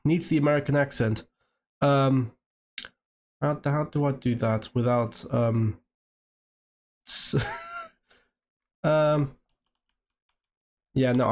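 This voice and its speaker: A man from Great Britain and Germany chatting casually on a live stream, rambling while he works and answering viewers' questions. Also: mid-range voice.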